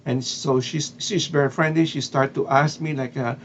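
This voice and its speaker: A man's voice: mid-range voice, fairly even intonation, normal speed, gravelly, slight background noise. A man from the Philippines with a Filipino accent, telling a story casually with lots of fillers and restarts. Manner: hesitant, many fillers and restarts. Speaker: vlogger.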